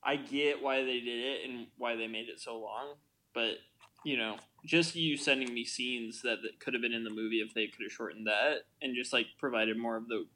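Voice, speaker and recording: A man's voice: medium pitch, steady tone, normal speed, bright, forceful tone. An American man co-hosting a casual podcast, talking in a laid-back way, swearing freely and chuckling. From United States. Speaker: podcast co-host. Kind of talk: casual film podcast chat.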